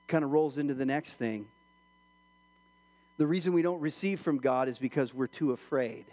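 A middle-aged man preaching a sermon as pastor in church, animated, acting out the voices he quotes. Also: medium pitch, moderate pace, pauses often, big-room sound.

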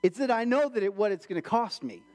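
Animated high-voiced male pastor. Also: quick pace. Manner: animated, acts out quoted voices, jokes with the congregation. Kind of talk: sermon. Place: church.

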